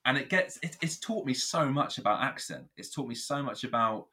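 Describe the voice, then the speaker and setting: Speaking at a normal speed and medium pitch, a man from England talks through how rap rhyme works. He's easygoing and conversational, lively and playful, laughing readily.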